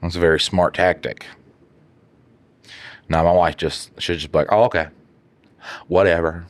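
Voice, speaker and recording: A man's voice: low voice, little pitch movement, normal speed, dry recording. A young man co-hosting a podcast who jokes in casual, profane banter. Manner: profane, joking. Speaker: podcast co-host.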